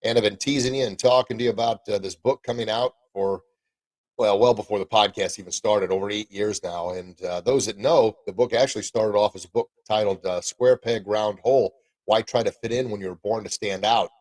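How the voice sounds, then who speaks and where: Lower-voiced upbeat man hosting a podcast. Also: fairly even intonation, brisk, darkish tone, no room sound, low-quality recording. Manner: upbeat, rambling, folksy exclamations. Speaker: podcast host and martial arts coach. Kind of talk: casual podcast and live stream talk.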